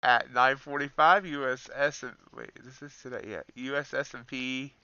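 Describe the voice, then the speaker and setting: A man hosts a livestream, talking casually in an easygoing, self-deprecating way. His voice is bright and forceful in a mid range. The recording is dry and slightly dull. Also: mid-range voice, fairly even intonation, normal speed, clean tone, no echo. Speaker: trading livestream host.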